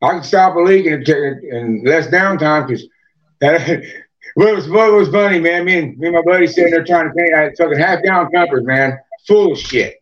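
A moonshiner guest on a podcast talks at normal speed in a voice on the high side, rambling through a long story. Curses and fillers like "man" and "you know" run throughout, and the podcast recording sounds dull and lo-fi.

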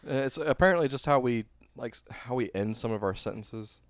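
A man's voice: mid-range voice, a little fast, no echo. A young man chatting casually with friends, telling a story and swearing casually. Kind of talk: casual chat among friends.

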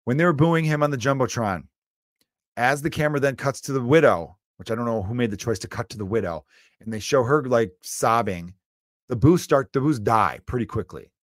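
A man's voice: mid-range voice, fairly quick, no room sound. Ranting man from Chicago, dry sound. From Chicago, USA. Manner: emphatic, opinionated ranting. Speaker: comedian podcast host. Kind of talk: solo podcast rant.

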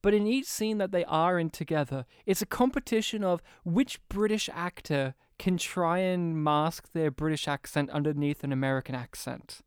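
High-voiced man ranting about a film. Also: normal speed, few pauses, smooth, dry recording, studio quality. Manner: animated, sweary, mimics lines. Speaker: podcast co-host. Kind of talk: casual film review chat.

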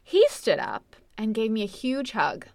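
A woman's voice: a little high, very animated, unhurried, gravelly, darkish tone, dry recording. A woman co-hosting a casual chat. She tells a family story and reacts eagerly, laughing often.

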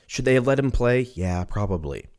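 A man's voice: medium pitch, big pitch swings, fairly quick, a little mellow, smooth. A young man talking casually and profanely on his own, rambling from one thought to the next. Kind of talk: casual solo chat.

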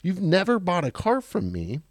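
A man's voice: moderate pace, no room sound, studio quality. A man in his forties telling stories from his car sales career on a podcast, with lots of restarts and quoted voices. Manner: animated storyteller, many restarts, acts out quotes in a higher voice. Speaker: car dealership guest. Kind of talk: podcast storytelling.

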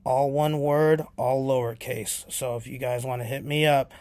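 A man's voice: medium pitch, steady tone, moderate pace, darkish tone. Rambling casual podcast guy. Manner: rambling, lots of filler ums. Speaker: podcast host.

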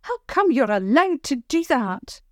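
A woman voicing a fierce, stubborn little girl who wants to be a knight, speaking high and defiant. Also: sing-song, unhurried, no room sound, studio quality.

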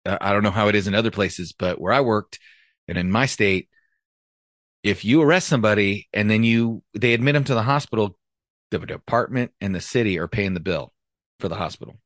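Deep-voiced man telling a cop story. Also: a little fast, fairly bright tone, dry recording. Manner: blunt, profane, conversational. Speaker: retired police officer, podcast host. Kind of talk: casual storytelling.

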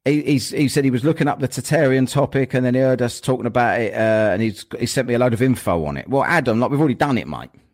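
A man's voice: mid-range voice, expressive, quick pace, darkish tone. A man hosts a podcast in a loose, joking way, wandering off track and filling the gaps with fillers. His voice sits in an ordinary middle register. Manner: rambling and jokey, with frequent fillers. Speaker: podcast host. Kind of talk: casual podcast chat.

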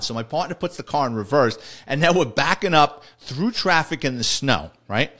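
A man's voice: on the high side, fairly bright tone. A middle-aged man, a retired police officer telling old stories in a casual, rambling way that doubles back on itself and chuckles along. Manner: rambling, restarts sentences, chuckles while telling. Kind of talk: casual storytelling.

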